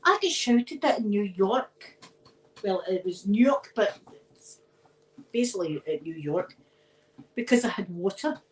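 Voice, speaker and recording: A Scottish woman, host of her own channel, telling personal stories in a chatty, animated way and laughing often. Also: mid-range voice, measured pace, pauses often, a little hiss or hum, poor audio. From Scotland. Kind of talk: casual storytelling chat.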